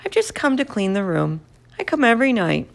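A woman's voice: on the high side, sing-song, fairly quick, gravelly, voice pushed up. A woman voicing a jolly, talkative male night janitor in a storybook reading, with a chatty, jokey, friendly manner.

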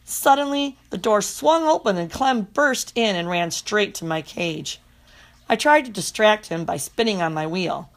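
A woman narrating a children's storybook in the first person, lively and playful. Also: mid-range voice, measured pace. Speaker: audiobook narrator.

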